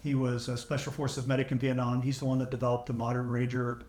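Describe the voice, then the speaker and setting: Man, podcast guest, measured storytelling, dry humor, echoey roomy sound, restored audio. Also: mid-range voice, monotone, a little mellow. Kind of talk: conversational storytelling.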